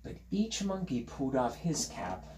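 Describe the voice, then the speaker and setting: A man's voice: medium pitch, very animated, unhurried, noisy background. A male teacher reads a children's picture book aloud in a friendly, playful voice. He talks in an easy, chatty way, with light asides to his young listeners. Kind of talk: storytime read-aloud for children.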